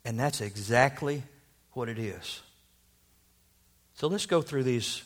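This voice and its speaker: A man's voice: medium pitch, animated, slow. A man preaching a sermon, telling a story and asking rhetorical questions.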